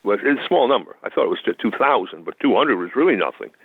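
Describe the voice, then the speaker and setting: A man's voice: lowish voice, big pitch swings, quick pace, creaky, husky, dry recording. A man from the United States, a constitutional attorney, explaining law in an interview in a methodical, lecturing way with frequent restarts. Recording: tinny phone line.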